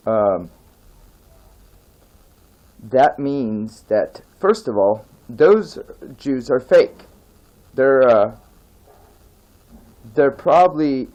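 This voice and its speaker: A man's voice: medium pitch, darkish tone, lo-fi sound. A man from the United States, raised in California and Tennessee, giving a meandering monologue full of fillers and "okay?" checks. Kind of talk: rambling monologue.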